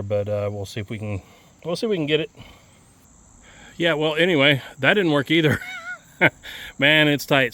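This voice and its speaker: A man's voice: medium pitch, a bit bright. A man giving a casual, rambling how-to walkthrough outdoors beside his tractor, with lots of fillers. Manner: folksy, rambling, many fillers. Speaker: equipment vlogger.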